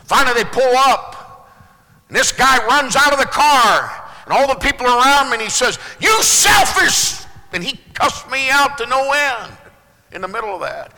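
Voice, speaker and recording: Bright-voiced preacher man in a reverberant hall. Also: lively intonation, moderate pace. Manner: swings between loud preaching and hushed low asides. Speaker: pastor. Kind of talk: sermon.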